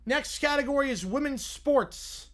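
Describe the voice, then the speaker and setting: A man's voice: very high voice, a little slow, a bit bright, pitched above the performer's own voice. A man reading a fan script aloud in the delivery of a male game-show host. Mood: announcing. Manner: announcer-style delivery.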